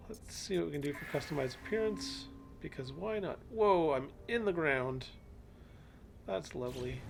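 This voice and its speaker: A man's voice: fairly high pitch, vocal fry. A man hosting a live game stream, chatting casually and cooing at in-game animals as he plays.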